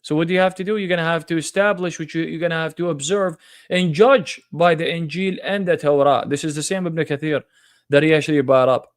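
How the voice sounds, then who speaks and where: A man's voice: a little high, fairly even intonation, brisk, no echo, studio quality. A man hosting a live-streamed religious debate, talking in a confrontational, mocking way. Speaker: debate livestream host.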